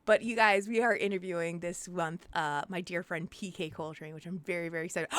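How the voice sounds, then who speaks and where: A woman hosting a live-stream interview, excitable and gushing, swearing freely. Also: fairly low pitch, brisk, noisy background. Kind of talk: casual live-stream chat.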